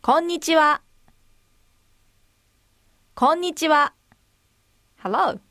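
A woman modeling phrases for a language lesson, saying each slowly and with careful articulation. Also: high voice, fairly bright tone, dry recording, clean studio sound. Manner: deliberate, clearly articulated. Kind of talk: slow, careful demonstration phrases.

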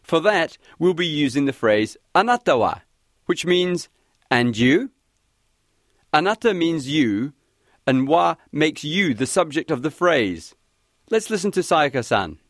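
Man, language lesson host, clear, encouraging, animated intonation, dry sound. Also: on the high side, unhurried, dry recording.

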